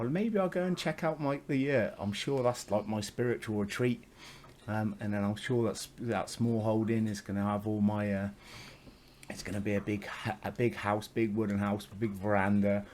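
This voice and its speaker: A man's voice: on the low side, darkish tone, slight background noise. A man telling a spiritual story in a casual, meandering monologue, swearing freely and chuckling often.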